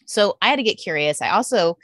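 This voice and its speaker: A woman's voice: medium pitch, animated, fairly quick, fairly bright tone, dry recording, clean studio sound. A woman in her thirties, a mother and guest, chatting animatedly and voicing her own past thoughts in quotes. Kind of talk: podcast conversation.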